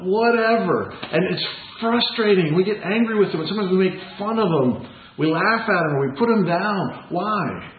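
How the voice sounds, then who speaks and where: A man preaching a sermon as pastor, earnest and conversational, asking the congregation rhetorical questions. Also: on the high side. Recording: echoey room, tinny phone-like sound.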